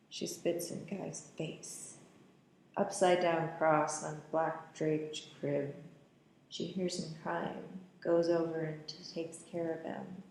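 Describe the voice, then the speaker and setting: A woman's voice: deep voice, flat delivery, slow, gravelly, a little mellow, echoey room, slight background noise. A woman giving a casual running commentary on a film, describing scenes and throwing in wry, sarcastic asides.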